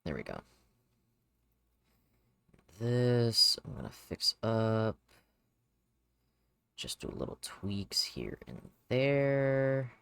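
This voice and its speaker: A woman's voice: very deep voice, very animated, extremely slow, gravelly, long pauses, clean tone, dry recording. A woman streamer talking to herself as she works on a 3D model, muttering and humming as she goes. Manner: mumbles to herself, sings softly, talks to her cat. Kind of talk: casual stream narration while 3D modeling.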